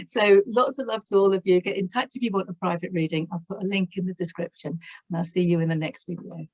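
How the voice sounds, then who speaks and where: A woman's voice: lowish voice, steady tone, fairly quick, low-quality recording. A woman giving a spiritual tarot reading to camera, effusive and exclaiming in wonder, laughing often as she talks. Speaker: tarot reader.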